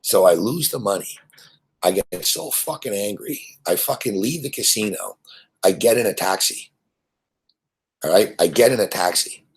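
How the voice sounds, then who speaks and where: A man's voice: on the low side, expressive, moderate pace, slightly rough. A man from Montreal, hosting and telling a rambling, profane story that keeps repeating itself. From Montreal, Canada. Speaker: host.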